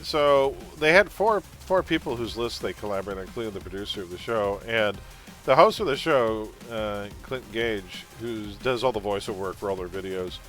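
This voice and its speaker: A man's voice: on the low side, normal speed, soft background music, low-quality recording. A man streaming a game, chatting casually and laughing as he talks about old movies. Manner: chatty, laughs often, animated movie talk. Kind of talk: casual chat while gaming.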